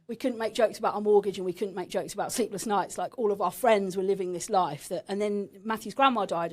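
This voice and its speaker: Woman, 30s, from England. Podcast guest sharing a raw personal story; frank and emotional, mid-range voice. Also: medium pitch.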